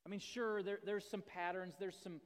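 A man's voice: high-pitched, little pitch movement, normal speed. A man preaching a sermon in a conversational, self-deprecating way, often asking the audience questions. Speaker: pastor. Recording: long reverb of a large hall.

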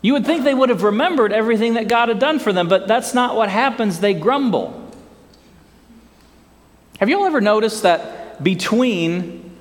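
A man preaching a sermon in an animated, folksy way, often asking his congregation questions. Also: sits high, normal speed, pauses often. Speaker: pastor. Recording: long hall reverb.

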